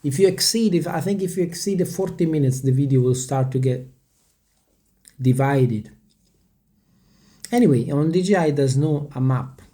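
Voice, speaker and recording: Hesitant rambling man, mellow voice. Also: on the high side, moderate pace, long pauses. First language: not English. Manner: rambling, hesitant, with many restarts; stumbles over word pronunciation. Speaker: vlogger. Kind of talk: casual talk to camera.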